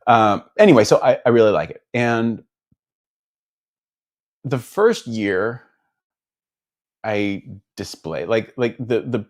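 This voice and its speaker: Guy with a low voice rambling in his guitar shop while gluing stuff, lots of ums and restarts. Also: lively intonation, slow, pauses often. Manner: rambling, self-deprecating, lots of fillers and restarts. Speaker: guitar builder. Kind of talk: casual chat while working. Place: guitar workshop.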